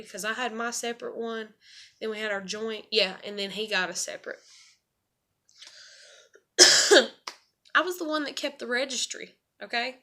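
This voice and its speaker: A woman's voice: a little high, sharp tone. Tearful, venting young woman. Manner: venting, swearing, shaky and tearful at times. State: close to tears. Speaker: vlogger. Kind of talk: emotional personal rant.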